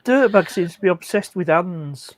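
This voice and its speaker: A man's voice: sits high, animated, normal speed, dry recording. A man chatting on a live video stream, blunt and chatty, with faint noise behind. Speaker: livestream guest. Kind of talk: casual chat.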